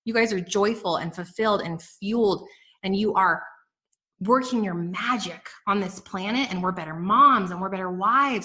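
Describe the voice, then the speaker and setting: A woman hosting a business podcast, giving energetic, emphatic motivational talk straight to her listeners. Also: medium pitch, normal speed. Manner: energetic, emphatic, addresses listeners as "you guys". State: emotional, near tears. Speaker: podcast host and business coach.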